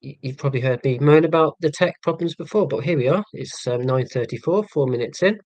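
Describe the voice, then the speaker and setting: A man in his forties from England, with a southern English Hampshire accent, chats casually with live stream viewers, rambling, self-deprecating and sarcastic, hesitant with many ums and restarts. His voice is on the high side, brisk and a little mellow. The recording is dry and low-quality.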